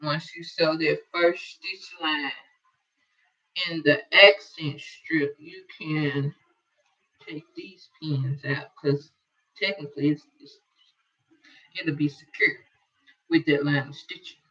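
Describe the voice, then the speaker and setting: This quilting instructor has a low, steady, somewhat bright voice and speaks slowly with frequent pauses. She chats and thinks aloud through a casual sewing tutorial as she works, recorded from afar with dull lo-fi sound.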